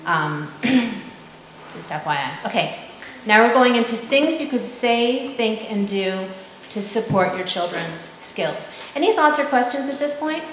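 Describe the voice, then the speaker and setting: A woman gives a parent workshop in a large school hall with a strong echo and clear background noise. She explains ideas between stretches of upbeat call-and-response drills, and her voice sits at a middle pitch. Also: unhurried. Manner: lively, leads call-and-response drills with counting and chanting. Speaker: workshop presenter. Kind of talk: parent education talk with group exercises.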